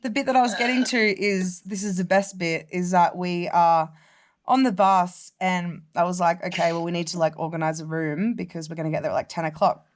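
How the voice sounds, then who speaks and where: A woman's voice: on the low side, a little fast. Sweary storytelling Australian woman. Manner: animated, sweary, quotes people in other voices. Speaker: vlogger. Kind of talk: casual storytelling.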